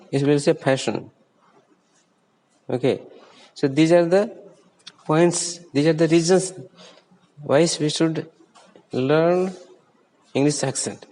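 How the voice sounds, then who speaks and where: A man's voice: a little high, mellow, big-room sound, rough recording. A man with an Indian accent, a native Hindi speaker, teaching English pronunciation patiently and repeating sample words. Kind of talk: explanatory lesson.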